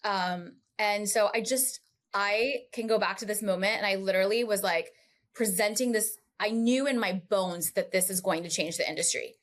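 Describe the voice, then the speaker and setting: Woman, podcast guest, casual storytelling, animated, chatty, middle pitch. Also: moderate pace. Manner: animated, chatty, full of asides.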